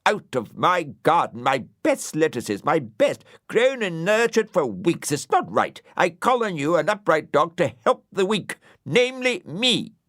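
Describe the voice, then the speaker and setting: A man's voice: a little high, sing-song, a little slow, few pauses, fairly bright tone, no room sound, clean studio sound, voice pushed up. A man voicing a small, fussy, easily agitated male snail in a storybook, complaining indignantly.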